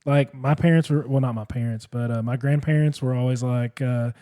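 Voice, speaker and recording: A man, co-hosting a podcast, telling stories and mimicking his relatives in lively voices. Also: brisk, smooth. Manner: animated storyteller, mimics relatives in high voices. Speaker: podcast co-host. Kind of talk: casual chat.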